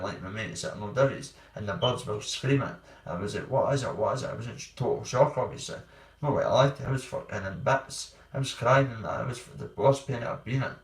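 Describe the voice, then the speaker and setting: A Scottish man telling his own hard stories in a blunt, rambling way, swearing freely. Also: fairly low pitch. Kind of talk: candid personal storytelling. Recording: roomy sound, distant from mic.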